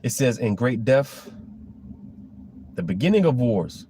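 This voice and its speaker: A man's voice: medium pitch, very animated, measured pace, warm tone, slight background noise. A man giving a casual, rambling preaching monologue about scripture, full of fillers and restarts. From Florida. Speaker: religious commentator.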